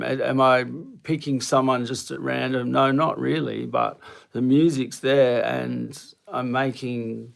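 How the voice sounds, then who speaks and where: Casting note: male live-stream host, unhurried, gravelly, meandering and playful. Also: medium pitch. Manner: rambling, self-interrupting, playful. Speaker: livestream host. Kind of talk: casual live stream chat.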